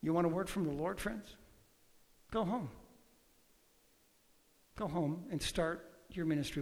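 A man preaching a sermon, emphatic, swinging between loud bursts and quiet asides. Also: on the high side, a little slow, pauses often. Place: church hall. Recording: long hall reverb.

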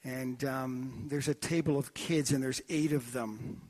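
A man preaching a sermon in a church, telling stories in an animated, joking way. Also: medium pitch, measured pace. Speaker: pastor. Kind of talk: sermon with anecdotes.

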